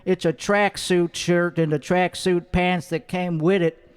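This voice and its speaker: A man's voice: high voice, little pitch movement, measured pace, in a large hall. A man livestreaming from his home studio apartment, rambling in casual, profane, slangy chat.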